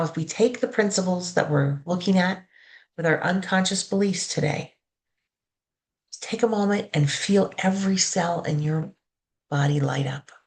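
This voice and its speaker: Slow, gravelly-voiced woman reverend. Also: fairly low pitch. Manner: slow, calm, leads call-and-response affirmations. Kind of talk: sermon with guided affirmations and meditation.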